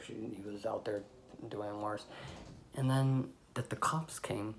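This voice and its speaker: A man's voice: mid-range voice, a little fast, slight background noise. Young man rambling through a story. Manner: rambling, animated, bursts into loud exclamations. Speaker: vlogger. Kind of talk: casual storytelling to camera.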